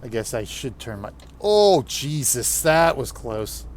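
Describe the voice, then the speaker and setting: A man's voice: medium pitch, very animated, slow. Chatty American man from the Northeast. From United States. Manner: rambling, chatty, laughs often. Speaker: streamer. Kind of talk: gameplay commentary chatting with viewers.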